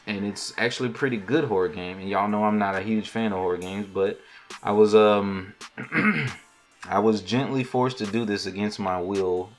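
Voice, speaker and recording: A man's voice: fairly low pitch, moderate pace. A man hosting a gaming podcast, talking in a laid-back, rambling, slangy way as he signs off. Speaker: podcast host. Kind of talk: casual podcast sign-off.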